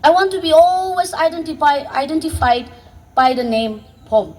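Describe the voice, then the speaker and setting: A woman from Northeast India, vlogging for young viewers, speaks in a high but darkish, animated voice at a moderate pace. Her earnest, impassioned appeals include restarts, and the recording is rough.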